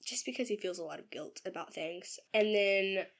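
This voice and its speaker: A woman's voice: medium pitch, normal speed. A young woman in a casual podcast chat about her own novel, talking with many fillers and laughs. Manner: chatty, giggly, filler-heavy. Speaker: podcast co-host and writer.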